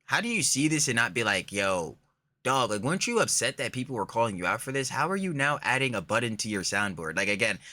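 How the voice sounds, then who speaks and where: A man hosting a casual reaction stream, animated and profane, repeating himself for emphasis. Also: medium pitch, fast talker, dry recording.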